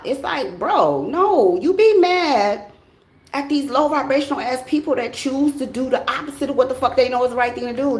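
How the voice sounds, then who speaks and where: A fairly high-voiced American woman talks through a tarot spread in a loose, unscripted flow. She is blunt and profane, full of slang, and her voice rings a little in an echoey room. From United States. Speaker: tarot reader. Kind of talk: casual tarot reading monologue.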